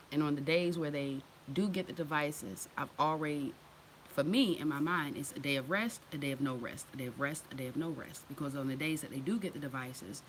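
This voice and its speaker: Blunt, bright-voiced woman talking off the cuff. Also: deep voice, a little hiss or hum, low-quality recording. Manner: blunt and profane, laughs often, acts out quoted voices. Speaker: host. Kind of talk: casual unscripted monologue.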